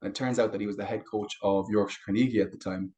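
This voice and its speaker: A young adult man, a fitness coach guest on a podcast, talking casually and telling stories in a relaxed way. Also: fairly low pitch, fast talker, rough recording. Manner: relaxed storytelling with anecdotes. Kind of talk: casual interview chat.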